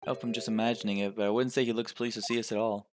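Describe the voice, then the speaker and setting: A man's voice: lowish voice, little pitch movement, very fast, slight background noise, close to an everyday voice. A man voicing a stammering young lawyer. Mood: worried. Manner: hesitant, stammering. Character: hesitant young Japanese defense lawyer, man.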